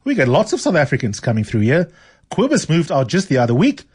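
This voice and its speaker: A man reads aloud and puts on a nosy middle-aged landlady, pitched higher and pushed a little louder. She is chatty and blunt and won't let a point go. Her voice is slightly husky. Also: huge pitch swings, quick pace, exaggerated voice. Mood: pushy. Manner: chatty and pushy. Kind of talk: reading a novel aloud on radio.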